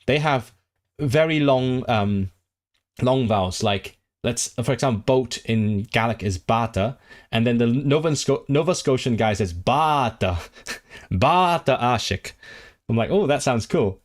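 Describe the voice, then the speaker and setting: A man hosting a relaxed livestream, talking straight into a desk mic. His voice sits in a middle pitch, and he rambles, trips over his own restarts and fillers, and reads chat messages aloud. He sounds keen and animated when the talk turns to languages he likes. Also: moderate pace. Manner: enthusiastic about languages. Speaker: language streamer.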